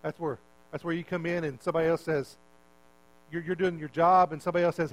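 A man's voice: a little high, level tone, quick pace, rough recording. A male preacher giving a conversational sermon, often repeating words and putting questions to his listeners.

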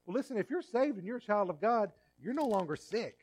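A pastor preaching a sermon in church, swinging from quiet asides to loud, emphatic peaks. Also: male voice, high-pitched, big pitch swings, fairly quick, husky.

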